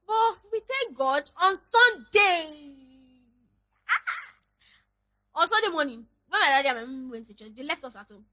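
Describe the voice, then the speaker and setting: A young woman with a Nigerian English accent, hosting a podcast and telling a personal story in an animated, dramatic way. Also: very high voice, normal speed, pauses often, rough recording. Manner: animated, dramatic, laughing retelling. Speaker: podcast host. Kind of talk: casual storytelling monologue.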